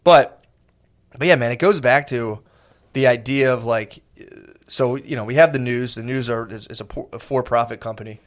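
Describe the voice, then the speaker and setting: A man's voice: mid-range voice, moderate pace. A man co-hosting a podcast, telling rambling, profane stories in casual banter and laughing as he talks. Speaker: podcast co-host.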